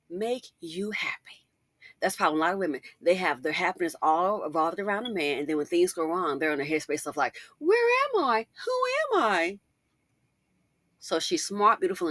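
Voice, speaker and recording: A middle-aged woman hosting a casual commentary monologue, chatty and animated, full of asides and emphatic rhetorical questions. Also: medium pitch, no echo, studio quality. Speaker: commentary channel host.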